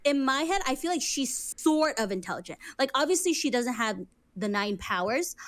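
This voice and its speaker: A woman's voice: sits high, animated, normal speed. A young woman co-hosting a podcast, chatting casually and animatedly, laughing, swearing and mimicking characters. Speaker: podcast co-host. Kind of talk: casual fan chat.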